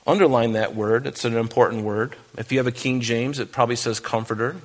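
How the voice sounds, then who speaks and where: Guy preaching thru a bible chapter, casual and jokey, reads the verses slow. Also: mid-range voice, fairly even intonation. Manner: conversational, joking asides, reads scripture aloud slowly. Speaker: pastor. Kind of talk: verse-by-verse sermon.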